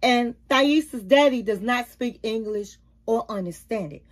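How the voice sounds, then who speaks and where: A woman with a high voice gives a casual, unhurried recap of a reality show. She talks straight to her viewers and calls them queens, honey and baby. She takes her time over every sentence. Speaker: YouTube reality-TV reviewer.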